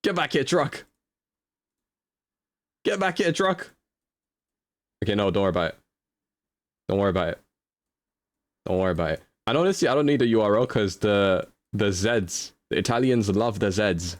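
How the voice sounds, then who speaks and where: A man's voice: on the low side, fairly quick, no room sound. A young man streaming live, chatting casually as he thinks aloud through a guessing game and answers his chat.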